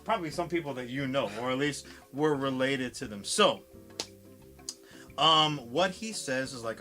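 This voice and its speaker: Excitable bright-voiced man recapping. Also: medium pitch, normal speed, soft background music. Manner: profane, rambling storytelling with acted quotes. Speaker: podcast co-host. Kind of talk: casual movie recap.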